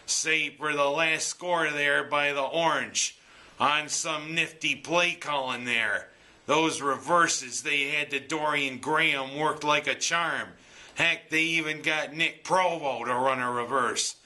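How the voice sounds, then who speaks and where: A man delivers an exasperated sports rant, slow and deliberate, pausing to make his points land. His voice sits fairly high for a man and has a very bright, sharp edge. He mixes frustration with sarcastic jokes. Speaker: sports commentator.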